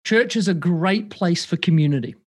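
A man chatting casually as a podcast guest over a remote call, animated and swearing freely, acting out quoted voices. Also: high-pitched, moderate pace.

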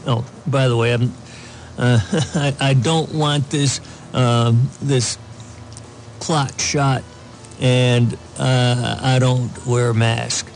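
A man's voice: mid-range voice, level tone, slow, slight background noise. A man giving casual political commentary, reading news aloud with sarcastic asides and plenty of ums. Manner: sarcastic asides, many fillers.

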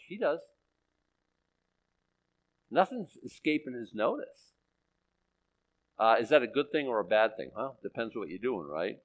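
Male pastor, sermon, chatty and animated, pitch leaps around a lot. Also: measured pace, pauses often, rough recording. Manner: conversational, animated, often checks in with okay?.

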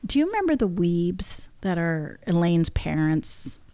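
A woman's voice: fairly low pitch, sing-song, unhurried, mellow. A middle-aged woman co-hosting a podcast, chatting casually and posing questions to the group. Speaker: podcast co-host. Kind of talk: casual chat.

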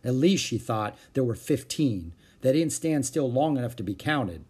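A man reading a children's book aloud in an expressive storytelling manner. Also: medium pitch, moderate pace, slightly rough.

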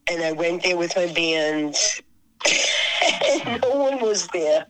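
Older woman, halting and earnest. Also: lowish voice, expressive, rough recording. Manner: halting, repeats words and restarts phrases. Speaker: guest musician. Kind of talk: reminiscing interview talk.

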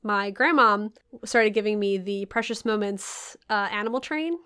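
A woman hosting a podcast in casual chat, telling stories with swearing and big jumps in pitch when excited. Her throat is a little sore. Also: normal speed, smooth. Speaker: podcast host.

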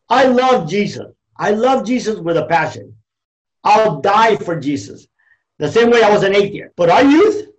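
Middle-aged man, high voice, emphatic and preachy, slightly muffled recording. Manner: fervent, preachy, emphatic, loose and conversational. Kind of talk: passionate conversational talk.

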